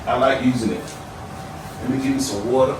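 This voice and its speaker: Brisk and steady in tone, a man of medium pitch runs a casual home cooking video from his kitchen. He speaks to viewers in a playful, folksy way against loud sizzling and clattering cookware.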